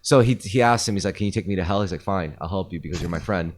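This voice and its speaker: A man with a low voice races through a story on his podcast, chatting casually and rambling with plenty of fillers and profanity.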